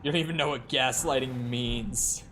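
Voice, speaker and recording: Over slight background noise, a man with a medium-pitched, bright voice and a forceful tone talks at a moderate pace. It's casual live-stream commentary as he plays a video game, cursing freely and answering back to the screen.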